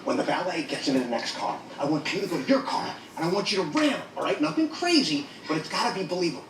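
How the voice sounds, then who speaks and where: An eager tough guy with a quick, lively delivery who talks insistently. He sounds distant in a roomy space, with music behind him. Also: a little high, background noise. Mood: plotting. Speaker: sitcom character. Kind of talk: sitcom acting.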